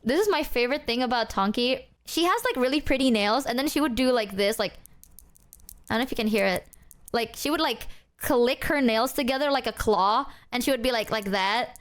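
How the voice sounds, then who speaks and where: A woman from Southeast Asia tells her stream chat a story in a chatty, casual way, packed with "like" and acted-out quotes. Her voice is fairly high, animated and fairly quick.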